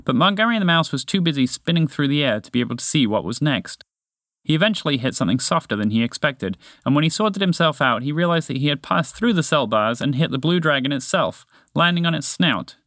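A man reading a children's story aloud in a lively, expressive way. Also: on the high side, fast, no room sound, studio quality.

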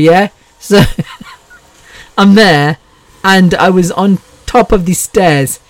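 A woman's voice: lowish voice, no room sound. Chatty British woman, dry close sound. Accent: British English. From England. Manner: chatty, laughs often, swears freely. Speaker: podcast host. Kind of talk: casual solo podcast monologue.

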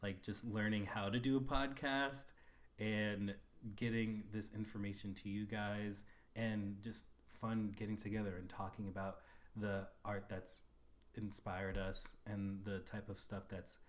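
A man's voice: fairly low pitch, flat delivery, a little slow. Playful, laughing man podcast co-host. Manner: laughs easily, playful banter. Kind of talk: casual podcast chat.

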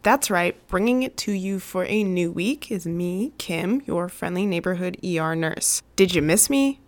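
A woman's voice: lowish voice, lively intonation, normal speed, darkish tone. A young adult woman hosting a casual solo podcast, ranting in a chatty, sarcastic, playful way into a studio mic. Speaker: podcast host, ER travel nurse. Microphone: studio mic, new recording setup.

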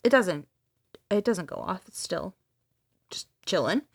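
A woman's voice: lowish voice, big pitch swings, measured pace, creaky, husky. A woman podcast host casually retelling a story, acting out the dialogue with casual swearing.

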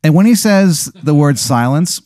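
A man spinning an improvised comic scenario in second person, rambling with many fillers in a deadpan way. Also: a little high, measured pace, no room sound, clean studio sound. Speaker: host running an improvised scenario. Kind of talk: casual comedic storytelling.

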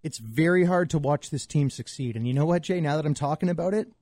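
Man, from Montreal, wry and teasing, casual sports talk co-host, a bit high-pitched, dry close mic. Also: fast talker, darkish tone, no echo. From Montreal, Canada. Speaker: podcast co-host.

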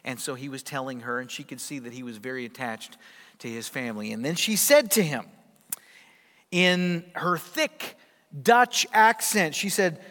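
A male pastor preaching a sermon with emphatic delivery and rhetorical questions, swinging between loud and soft. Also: mid-range voice, moderate pace, big-room sound.

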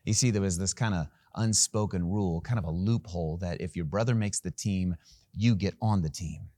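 A man preaching a sermon who tells a personal story in an animated, self-deprecating way and laughs at himself. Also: deep voice, normal speed, no room sound, studio quality. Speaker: pastor.

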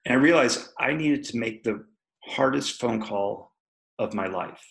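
A man's voice: mid-range voice, measured pace, gravelly, fairly bright tone, rough recording. A man, a podcast guest, candidly telling a personal story in an interview, laughing often and acting out what people said. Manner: candid, laughs often, acts out quoted voices.

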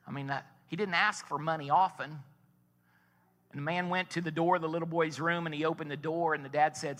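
A man's voice: on the high side, steady tone, moderate pace, fairly bright tone, big-room sound. A man preaching a sermon as a pastor, telling a story in a folksy way and building to emphatic points.

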